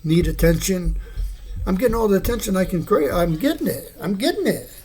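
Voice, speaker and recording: Older guy in his 60s, high gravelly voice, kinda husky, just rambling on at home. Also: very animated, brisk, darkish tone, faint music behind. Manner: rambling, free-associating, chuckling between thoughts. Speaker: video blogger. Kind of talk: rambling solo monologue. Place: his home, living room.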